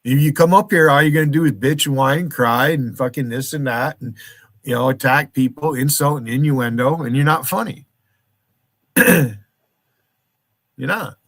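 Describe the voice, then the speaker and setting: A man's voice: mid-range voice, moderate pace, pauses often, fairly bright tone, no room sound. Profane, ranting man streamer. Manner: profane, confrontational, calls out viewers by name. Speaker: livestream host. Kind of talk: angry livestream rant.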